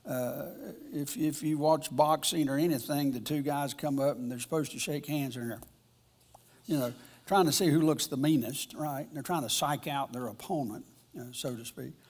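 A man leads a church Bible lesson in a loose, conversational way. His voice is husky and a little breathy, and he wanders through his points, pausing and circling back to restart his sentences. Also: on the high side, darkish tone. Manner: rambling, halting, with frequent restarts. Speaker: church teacher. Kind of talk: informal Bible teaching.

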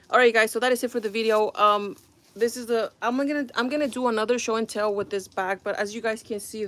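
A woman's voice: medium pitch, a bit bright. Exasperated woman vlogger sighing a lot. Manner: exasperated, rambling, sighs often. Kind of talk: casual product review vlog. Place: at home.

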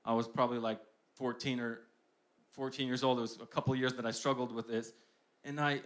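A young man preaching a sermon, shifting between hushed personal storytelling and loud, emphatic declarations with lots of repetition. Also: mid-range voice, fairly even intonation, brisk.

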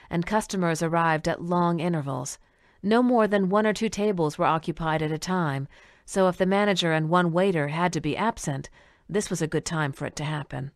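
A woman reads a story aloud in a calm, even way. Her voice sits on the low side for a woman, and the recording is close and dry, with no room around it. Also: no echo. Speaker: narrator. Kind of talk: audiobook reading.

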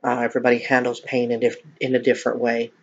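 A woman's voice: extremely low pitch, monotone, fast talker, breathy edge. A middle-aged woman chatting casually to viewers while eating, joking about herself. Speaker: mukbang vlogger. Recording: dull lo-fi home recording.

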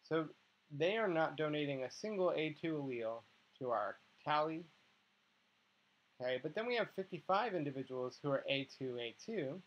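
A man's voice: a little high, expressive, normal speed, muffled recording. A man teaching a biology tutorial, patiently working through problems step by step and often checking in with the listener. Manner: patient, explains step by step, checks in with "okay" and "right". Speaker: biology instructor. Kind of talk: tutorial walkthrough.

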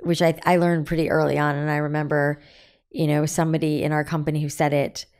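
A woman's voice: sits low, little pitch movement, fast, a little mellow, clear, resonant tone. A woman in her forties speaking candidly as a podcast guest, telling stories animatedly and acting out quoted dialogue. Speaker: guest, business founder.

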